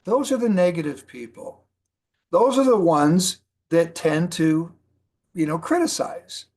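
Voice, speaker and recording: High-voiced man giving a motivational talk. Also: unhurried, a little mellow. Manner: storytelling, rhetorical questions, repeats lists. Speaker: mentor presenter.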